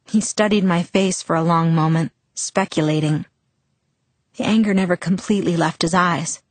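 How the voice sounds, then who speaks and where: A woman reading a novel aloud in the first person, measured and expressive. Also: low voice, no room sound. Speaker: audiobook narrator.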